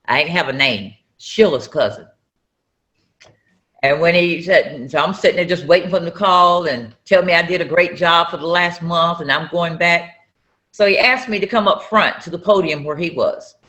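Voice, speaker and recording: Lively woman telling a story. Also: fairly low pitch, normal speed. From North Carolina. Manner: acts out dialogue with sudden loud raised outbursts. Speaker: interview guest, entrepreneur. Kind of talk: animated personal storytelling.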